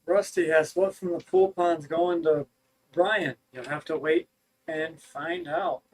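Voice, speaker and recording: A man's voice: a little high, takes it slowly, creaky. A man co-hosting a fish rescue livestream, chatty and matter-of-fact. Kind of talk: casual livestream chat.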